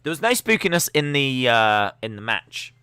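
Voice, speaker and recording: A man's voice: medium pitch, very animated, moderate pace, sharp tone, clear, resonant tone, dry recording. A young man hosting a live stream watch-along, giving chatty, sarcastic, opinionated commentary.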